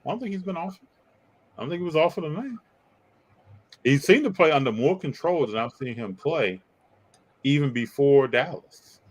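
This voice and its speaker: A man co-hosting a casual live stream and reacting to viewer comments about basketball, with a teasing, animated delivery. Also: normal speed, pauses often, poor audio. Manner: animated, teasing, pitch jumps up when joking. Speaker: co-host reading live chat.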